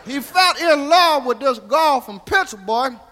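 Guy doing a folksy old southern man drawling a tall tale, real high thin voice, keeps going "see?". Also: expressive, takes it slowly, pushed and bright, full character voice. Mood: rambling. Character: old rambling country man telling tall tales. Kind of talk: stand-up character monologue. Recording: live hall reverb.

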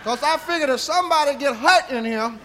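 A man's voice: very high voice, fairly quick, bright, forceful tone, a little hiss or hum. A man telling a profane comic story in a drawling way, tagging his lines with "see?".

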